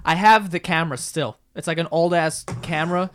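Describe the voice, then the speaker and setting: A man's voice: a little high, fairly even intonation, fairly quick, fairly bright tone, a little hiss or hum. A young man hosting a casual drinking podcast, joking crudely and laughing often. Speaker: podcast host.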